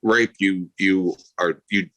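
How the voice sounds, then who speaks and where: A man's voice: low voice, steady tone, slow, pushed and bright, poor audio. A man, a guest filmmaker in a podcast conversation, talking emphatically and passionately as he argues his point.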